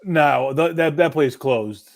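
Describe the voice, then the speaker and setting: A man's voice: a little high, slow pace, creaky. A middle-aged man telling stories in casual chat, swearing freely and laughing often.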